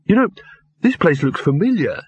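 Guy doing a jumpy earnest young fella, higher voice, a bit husky. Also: sing-song, normal speed, no echo, muffled recording. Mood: uneasy. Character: nervous earnest young man.

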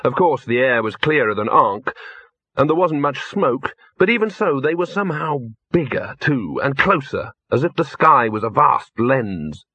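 A man reading a novel aloud as the narrator, in a measured, dry storytelling manner. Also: medium pitch, sing-song, bright, forceful tone, husky, no echo. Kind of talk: audiobook reading.

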